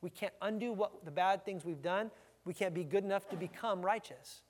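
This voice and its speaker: A male pastor with a high, bright-edged voice delivers an energetic, emphatic sermon, doubling back on his words as he goes. His voice rings with the long echo of a big church sanctuary. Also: normal speed. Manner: energetic, emphatic preaching with frequent restarts.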